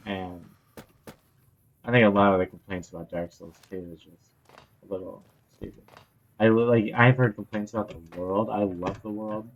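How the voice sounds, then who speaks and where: A young man co-hosting a podcast in casual chat, talking low and hushed with slangy words. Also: fairly even intonation, normal speed, highs cut off. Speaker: podcast co-host.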